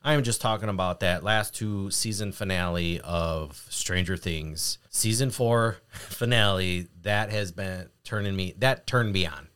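A man with young kids, chatting casually on a podcast and getting excited as he retells scenes. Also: measured pace, hardly any pauses, smooth. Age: adult with children. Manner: excitable, breaks into laughter and high-pitched retelling. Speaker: podcast co-host. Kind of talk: casual chat.

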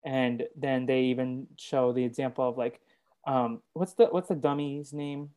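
A man's voice: mid-range voice, fairly even intonation, dark tone. A man co-hosting a podcast, casually recapping a movie with lots of ums and restarts. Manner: halting, full of ums and restarts. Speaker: podcast co-host.

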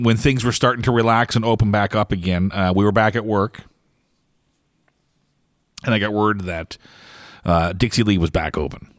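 A man's voice: fairly low pitch, fairly bright tone, no room sound, clean studio sound. A man hosting a casual sports podcast, telling rambling stories full of fillers and chuckles. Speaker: podcast host.

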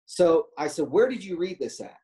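A man's voice: fairly high pitch, sing-song, moderate pace, dark tone, low-quality recording. A man casually telling a story as an interview guest, rambling with lots of fillers and acting out quoted dialogue.

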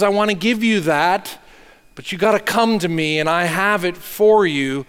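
A man preaching a sermon as pastor, earnest, swinging from hushed to emphatic. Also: sits high, smooth, long reverb tail.

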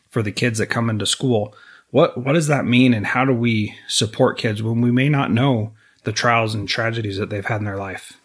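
Earnest low-voiced male interviewer. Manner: earnest, reflective, with small restarts. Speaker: podcast host interviewing a guest. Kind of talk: conversational interview.

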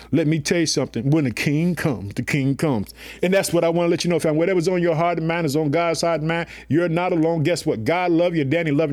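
A man's voice: fairly high pitch, darkish tone. A man preaching a sermon in a colloquial, emphatic way, calling his listeners family and often saying "guess what" and "let me tell you something.".

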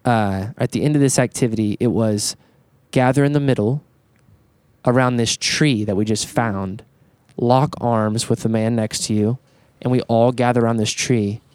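Animated man telling stories on a podcast, dry sound. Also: mid-range voice, normal speed, clear, resonant tone, no echo. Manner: animated storyteller who swears and stammers on repeated words. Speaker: podcast host. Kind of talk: casual podcast conversation.

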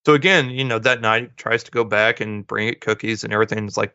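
A man's voice: lowish voice, fairly even intonation, quick pace, bright, forceful tone, dry recording. A man co-hosting a podcast, casually retelling a movie plot and acting out the characters' lines in passing. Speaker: podcast co-host. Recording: dull lo-fi dry sound.

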